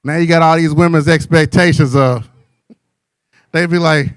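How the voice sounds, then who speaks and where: A man's voice: on the high side, steady tone, moderate pace, long pauses, smooth, no echo, clean studio sound. A man doing stand-up comedy with playful, teasing banter aimed at the audience.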